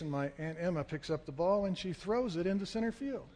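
A man's voice: fairly high pitch, animated, a little fast, few pauses. Man telling a story in a big hall. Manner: vivid, acts out shouts and crowd noise. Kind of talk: dramatic storytelling to an audience.

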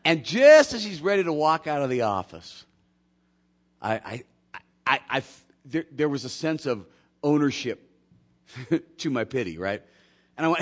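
A pastor preaches a sermon, animatedly recounting a personal story and acting out the voices of the people in it. His voice sits a little high, and he keeps a measured pace with frequent pauses.

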